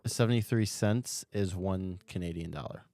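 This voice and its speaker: A man joins a casual chat with short, laconic remarks and few words. His voice is on the low side and has a warm, mellow tone. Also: normal speed, creaky, dry recording, clean studio sound.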